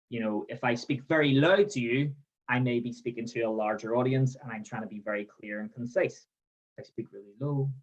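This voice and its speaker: A man's voice: medium pitch, low-quality recording. A man giving a training webinar, explaining step by step and checking in with the listener with a frequent "okay?". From Northern Ireland. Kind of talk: webinar presentation. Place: outdoors in the sun.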